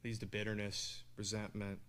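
A man preaching a sermon, asking the congregation questions and answering them, with loud stresses and quiet asides. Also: fairly low pitch, completely flat delivery, normal speed, smooth. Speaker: pastor.

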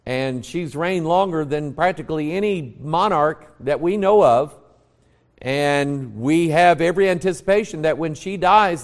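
A man with an American accent, a pastor teaching a Bible class in a folksy, storytelling way, quizzing the group and restarting phrases. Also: a little high. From United States. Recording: long reverb of a large room.

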